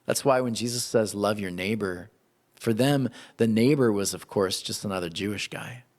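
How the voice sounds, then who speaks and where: A man preaching a sermon in an animated, conversational way. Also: on the low side, normal speed. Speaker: pastor.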